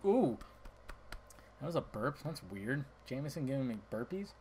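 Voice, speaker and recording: A man hosting a casual solo podcast, talking bluntly and excitably, swearing freely and swinging between loud outbursts and mumbled asides. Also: mid-range voice, moderate pace, a little hiss or hum. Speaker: podcast host.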